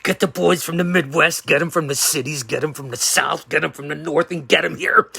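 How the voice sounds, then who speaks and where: Gravelly, theatrical hype-promo man. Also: fairly high pitch, fairly even intonation, a little fast, few pauses, dry recording. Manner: theatrical, swinging from yelling to hushed threats. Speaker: show host. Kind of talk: wrestling-style hype promo.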